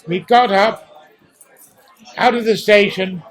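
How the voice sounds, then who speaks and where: A high-pitched, steady male voice speaks slowly on a rough recording. He's a posh-accented Londoner from the East End in his eighties, a guest actor in a restaurant interview, telling stories theatrically and acting out the sounds.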